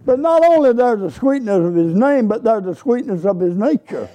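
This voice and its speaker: In a sing-song, high-pitched voice and at normal speed, a man preaches a sermon. He tells rustic stories and lifts into joyful bursts of praise.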